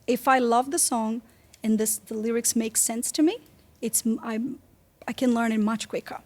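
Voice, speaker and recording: Brazilian woman guest, bit high voice, chatty, laughs a lot. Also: moderate pace. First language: Portuguese. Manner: lively, laughs often. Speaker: guest singer. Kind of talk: casual interview chat.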